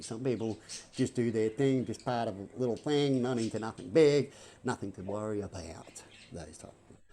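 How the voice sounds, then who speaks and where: A man's voice: medium pitch, mellow, slight background noise. A man, rambling through a casual vlog monologue full of rhetorical questions. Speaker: vlogger.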